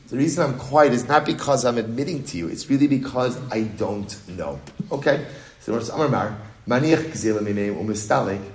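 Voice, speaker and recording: A man, a rabbi, teaching a daily Talmud class, reading Aramaic passages and explaining them in English with lively repetition. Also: on the low side, echoey room. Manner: animated, repeats phrases, reads Aramaic then explains in English. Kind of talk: daf yomi Talmud class.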